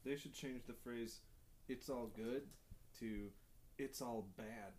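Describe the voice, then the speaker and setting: Podcast host, male, dark mellow tone, dry deadpan joke delivery. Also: medium pitch, takes it slowly. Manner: deadpan one-liners, laughs at own jokes. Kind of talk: casual joking chat. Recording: poor sound quality.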